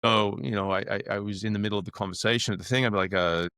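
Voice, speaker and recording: A man in his fifties from Australia with an Australian accent, a guest telling animated stories and acting out the dialogue. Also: lowish voice, racing, smooth, no echo, studio quality. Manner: animated, acts out quoted dialogue. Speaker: actor guest. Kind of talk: casual storytelling.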